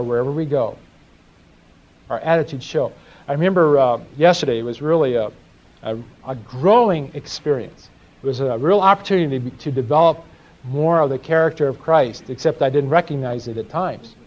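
Folksy male Bible teacher, lively pitch. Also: brisk. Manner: folksy storytelling, asks audience questions. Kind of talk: sermon teaching with anecdotes. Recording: dull lo-fi live recording.

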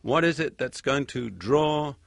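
A man delivers a sermon in a measured, emphatic manner, leaning hard on the scripture he reads out. His voice sits in an ordinary middle pitch. The recording is dry, with no room sound. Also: creaky, no room sound. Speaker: preacher.

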